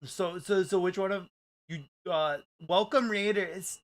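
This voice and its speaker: A man on a livestream in casual chat, playful and halting, trailing off into fillers. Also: sits high. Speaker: streamer and voice actor.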